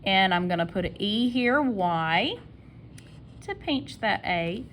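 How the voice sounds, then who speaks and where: A woman with a Southern American accent teaching a phonics spelling lesson. She sounds words out slowly and repeats each sound patiently, with an encouraging tone. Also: mid-range voice, animated, a bit bright, a little hiss or hum.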